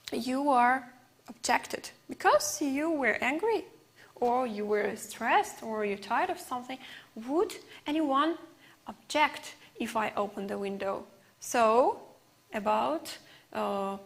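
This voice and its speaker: A woman with an Uzbek accent teaching an English lesson on TV, explaining words slowly and carefully. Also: sits high.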